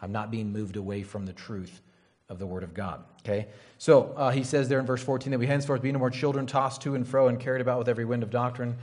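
Casual rambling male preacher. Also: medium pitch. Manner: casual, rambling, frequent "right?" and "you know". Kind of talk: conversational sermon.

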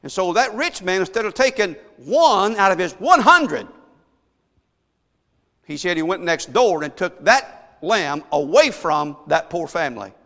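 Storytelling preacher in an echoing hall. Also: male voice, sits high, very animated, unhurried. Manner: storytelling preacher, swinging from hushed asides to shouted emphasis. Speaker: pastor. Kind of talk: sermon. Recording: long echo of a large hall.

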